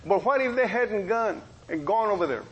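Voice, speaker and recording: High-voiced man preaching a folksy testimony. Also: moderate pace, muffled recording, a little hiss or hum. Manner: folksy storytelling with lively quoted dialogue. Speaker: preacher and police officer. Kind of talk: testimony sermon.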